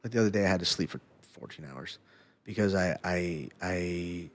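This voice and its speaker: This is a middle-aged man with a fairly low voice, telling stories in a loose, animated way. He swears freely and often breaks into laughter while he talks. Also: moderate pace. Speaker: podcast guest, former fighter. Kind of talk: casual conversation.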